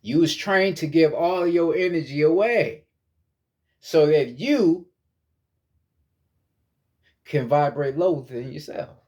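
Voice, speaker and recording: A man's voice: fairly high pitch, takes it slowly, long pauses, a little mellow. A young man giving a casual spoken lesson on meditation, blunt, profane and preachy, often repeating words as he searches for phrasing. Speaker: spiritual teacher.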